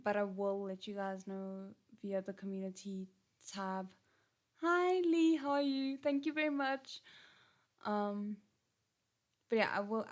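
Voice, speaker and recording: Slow, hesitant woman streaming. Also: medium pitch. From South Africa. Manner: hesitant, many ums and restarts, thanks viewers. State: slightly gruff voice. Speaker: channel host on a livestream. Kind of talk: casual livestream chat. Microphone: headphones and desk mic.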